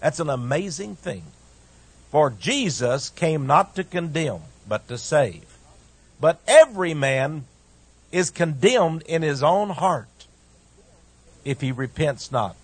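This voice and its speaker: A man preaching a radio sermon in an impassioned, emphatic way, with a husky voice. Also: fairly high pitch, lively intonation, takes it slowly, dry recording. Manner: impassioned, emphatic, rising and falling.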